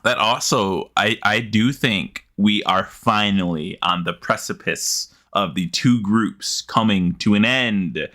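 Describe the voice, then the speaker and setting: A man co-hosting a casual gaming podcast from home, excitable, often gasping and laughing. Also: lowish voice, slow pace, few pauses. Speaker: podcast co-host. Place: home, sitting beside co-host.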